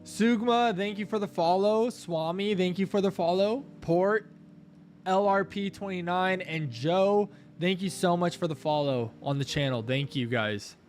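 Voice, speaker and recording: A man's voice: sits high, unhurried. Young man streaming crypto trades, music behind. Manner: chatty, thanks viewers, coaxes the chart aloud. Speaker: crypto trading livestreamer. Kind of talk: casual live-stream commentary.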